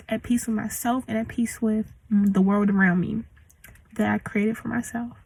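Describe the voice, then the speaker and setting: A woman's voice: on the high side, vocal fry, a little mellow, slightly rough, no room sound, poor audio. A young woman in her late teens venting in a casual storytime rant, slangy and full of likes. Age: young adult. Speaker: vlogger.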